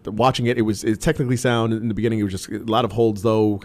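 A man's voice: lowish voice, steady tone, fast, darkish tone. A man co-hosting a casual talk show, rambling with many restarts and fillers. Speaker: podcast co-host. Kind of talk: casual wrestling chat.

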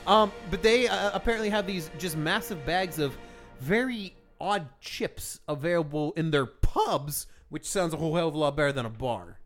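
An American man co-hosting a casual podcast, his pitch sitting a touch high and swinging all over as he rambles. He gives his opinions in a deadpan way, with faint music behind. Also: normal speed. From United States. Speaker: podcast co-host. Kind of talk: casual banter.

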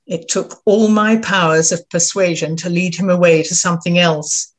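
A woman telling a humorous personal story aloud, in a wry, lively way. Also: on the low side, normal speed, few pauses.

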